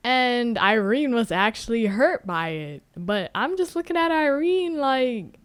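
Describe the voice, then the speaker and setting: A woman podcast host with a slightly high voice and an unhurried delivery. She recaps a book in an animated, joking tone and swears freely. Her casual asides come out slowly. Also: no echo.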